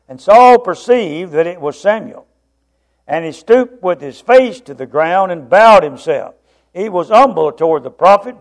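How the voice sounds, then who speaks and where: A man preaching a sermon in a blunt, emphatic way, reading scripture aloud and stumbling over words now and then. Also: a little high.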